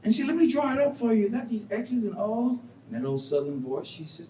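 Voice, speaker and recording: Animated man giving a keynote in a hall. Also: a little fast, few pauses. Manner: animated storytelling, acts out voices and asks the crowd questions. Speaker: keynote speaker. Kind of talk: motivational keynote speech. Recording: echoey hall, distant mic, faint rumble.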